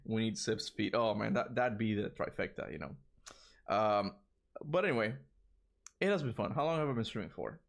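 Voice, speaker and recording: A man's voice: lowish voice, animated, normal speed, vocal fry, long pauses. A young man with a Toronto accent chatting casually on a livestream, tired, rambling and restarting his words with frequent chuckles. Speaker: gaming streamer.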